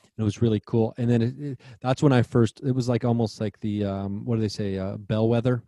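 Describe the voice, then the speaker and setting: A man's voice: mid-range voice, little pitch movement, fairly quick, warm tone, no echo. A man co-hosting a podcast in casual chat, rambling and searching for words. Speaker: podcast co-host. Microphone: remote call mic.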